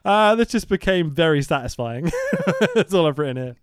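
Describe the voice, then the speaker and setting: A man's voice: fairly high pitch, big pitch swings, moderate pace, clean tone, dry recording, clean studio sound. A man, co-hosting a casual wrestling review and reading from his notes. He swears often and laughs a lot. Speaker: podcast co-host.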